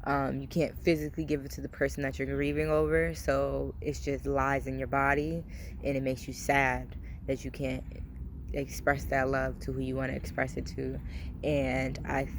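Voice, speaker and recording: With a rumbling low voice that barely moves in pitch, this young vlogger talks to her camera at a moderate pace. She's candid and confiding, full of fillers and free swearing, with background noise audible.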